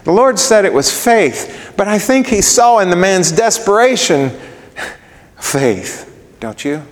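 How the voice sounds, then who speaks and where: Lively preacher in a reverberant hall. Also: male voice, sits high, slow. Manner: animated, acts out scenes in different voices. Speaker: pastor. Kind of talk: sermon. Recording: long reverb of a large hall.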